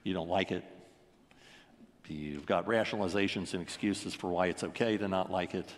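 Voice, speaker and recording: A man's voice: deep voice, steady tone, normal speed, long reverb tail. A man preaching a sermon, earnest and full of rhetorical questions.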